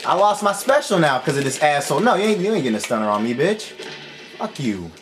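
A man's voice: a little high, sing-song, fast talker. A man giving casual gameplay commentary, frustrated and swearing constantly. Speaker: let's play gamer. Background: game music.

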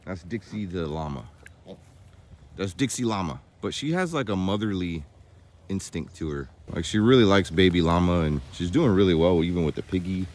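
A young man vlogging casually around his farm and new house, chatting, laughing often and using high baby talk with the animals. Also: lively intonation, moderate pace, darkish tone. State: soaked from rain. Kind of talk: casual vlog narration. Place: outdoors on a farm, and a house under construction.

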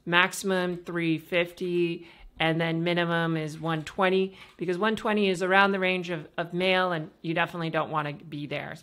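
A woman hosting a podcast, explaining voice practice in a casual, instructive way with many fillers and a pitch that moves up and down. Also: a bit bright. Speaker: podcast host and voice coach.

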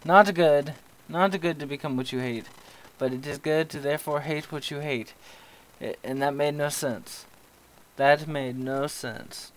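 A man's voice: medium pitch, poor audio. A young man commentating his own horror gameplay, talking to himself with jokes and yelping when startled. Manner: jumpy, yelps when startled, jokey self-talk. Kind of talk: horror game let's play commentary.

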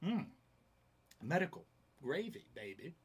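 A man's voice: a little high, very animated, a little slow, breathy edge. A man hosting his own casual vlog, talking in a laid-back, rambling way with lots of fillers. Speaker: YouTube channel host. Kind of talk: casual camera review vlog.

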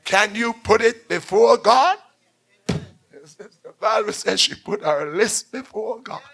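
A man preaching a call-and-response sermon, swinging from shouts to near-whispers as he tells stories. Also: high voice, expressive, slow pace, vocal fry.

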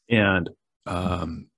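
A middle-aged man hosts a podcast in a reflective, conversational way. He pauses and restarts as he searches for words, and his voice sits fairly low. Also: creaky, a bit bright. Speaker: podcast host.

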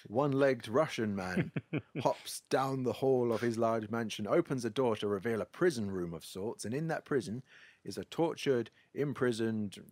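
A man's voice: lowish voice, slightly rough, no echo. A man hosting a podcast, wryly recapping a film plot in a casual, storytelling way. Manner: wry, storytelling. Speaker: podcast host.

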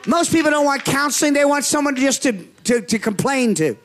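A man preaching a charismatic sermon as pastor, fervent, with shouted declarations and drawn-out emphasis. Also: very high-pitched, expressive. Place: church sanctuary.

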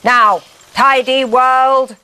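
A woman voicing a relentless tidying robot that barks loud, clipped commands in a bedtime storybook reading. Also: high voice, steady tone, drawn-out words, smooth, voice pushed up, full character voice. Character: relentless tidying robot, booming and single-minded.

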